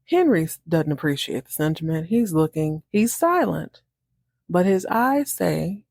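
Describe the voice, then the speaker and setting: A woman talks through a TV episode with lively, chatty energy. She slips into playful voices for the characters and laughs as she goes. The sound is close and dry, with no room echo. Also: fairly low pitch, measured pace, gravelly. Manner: animated, acts out characters' lines in shifting voices; laughs often. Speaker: podcast host recapping a TV episode. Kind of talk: casual recap monologue.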